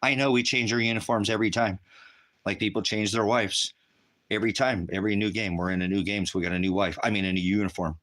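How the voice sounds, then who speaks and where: A man's voice: lowish voice, fairly even intonation, fast, fairly bright tone. A middle-aged man hosting an online ministry, delivering a rambling, combative monologue full of swearing. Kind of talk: profane ranting monologue.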